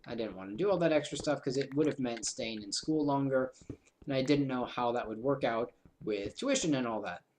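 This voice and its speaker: A man's voice: mid-range voice, fairly quick, darkish tone, slight background noise. A young man in his twenties chatting through a game recording, rambling into self-mocking asides. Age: 20s. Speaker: gaming video host. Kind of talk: casual game commentary.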